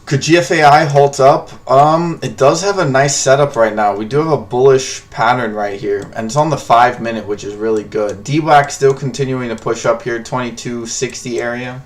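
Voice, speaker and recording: A man's voice: mid-range voice, normal speed, few pauses. A man hosting a live stock trading stream, joking loosely and thinking aloud as he reads the charts. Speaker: stock trading livestream host. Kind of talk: casual live trading commentary.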